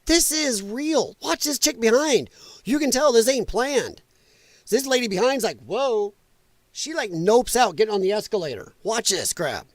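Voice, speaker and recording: Blunt high-voiced man streaming. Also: expressive, moderate pace, no echo. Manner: loose, blunt, laughs at clips. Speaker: livestream host. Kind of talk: casual livestream commentary.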